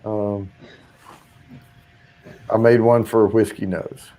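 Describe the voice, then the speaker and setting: A man's voice: on the low side, level tone, slow pace, mellow. A man hosting a livestream, chatting casually and joking with friends. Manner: easygoing, joking banter. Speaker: livestream host.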